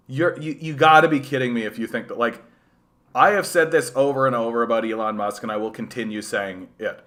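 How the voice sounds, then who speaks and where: A man's voice: mid-range voice, pushed and bright. A young man from Canada hosting a political livestream, ranting with profane sarcasm and stumbling over repeated words when heated.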